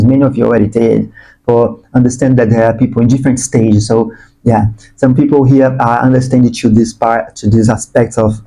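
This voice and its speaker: A man giving an earnest, spiritual channeled tarot reading, sometimes breaking into excited bursts. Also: mid-range voice, creaky, poor audio. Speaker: tarot reader.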